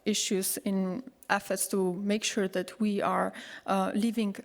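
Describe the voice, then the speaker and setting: A woman on a discussion panel answers slowly and hesitantly, with many fillers. Her mid-pitched voice stays flat and level. A long hall reverb trails after her words. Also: vocal fry. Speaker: panelist speaking for youth groups.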